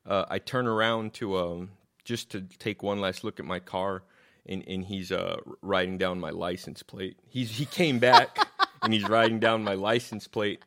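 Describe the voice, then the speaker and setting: Deep-voiced man telling a story. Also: a little slow. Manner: animated, swears, repeats words when excited. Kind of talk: casual storytelling. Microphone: own microphone.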